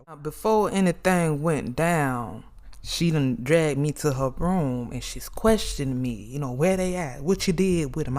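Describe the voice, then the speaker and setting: Animated, profane storyteller man. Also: on the high side. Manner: animated, profane, calls listeners girl and y'all. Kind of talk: comedic personal storytelling.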